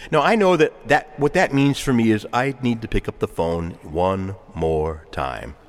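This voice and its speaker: Animated priest preaching in a reverberant church. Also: male voice, fairly low pitch, a little slow, a little hiss or hum. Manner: animated preaching with wide swings, chuckles and asides. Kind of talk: sermon. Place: large church.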